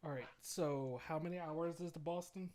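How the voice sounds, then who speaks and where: Male bandmate, jokester, quick quips in casual chat. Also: a little high, steady tone, background noise. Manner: joking, quick one-liners. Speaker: band member.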